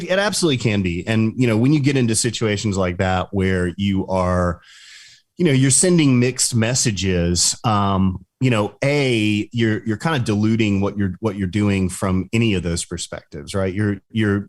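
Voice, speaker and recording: Low-voiced male co-host, dry sound. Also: normal speed, no room sound. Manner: fluent, explanatory, frequent "right?" tags. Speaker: podcast co-host. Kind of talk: conversational business talk.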